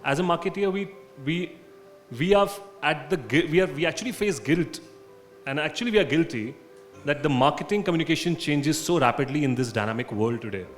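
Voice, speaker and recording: A man's voice: on the high side, brisk, faint music behind. A man speaking as a marketing panelist at a conference, talking in an assertive, emphatic way.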